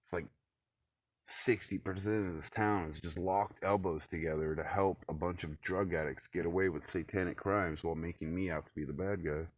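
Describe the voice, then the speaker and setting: A man ranting alone to camera in a cold room at home, swearing freely and swinging between loud outbursts and low muttering. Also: fairly even intonation, normal speed, no room sound, clean studio sound. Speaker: vlogger. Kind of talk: rambling solo rant to camera.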